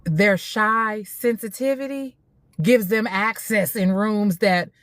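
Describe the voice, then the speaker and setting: A woman, talking in a casual opinion monologue, animated, laughing often and repeating herself for emphasis. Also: mid-range voice, slow, no echo. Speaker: social media host.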